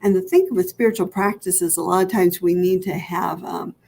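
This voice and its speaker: A woman minister with an American accent leading a gentle guided meditation, soothing and slow, sometimes dropping to a soft whisper. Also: on the low side, fairly even intonation, creaky. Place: church hall.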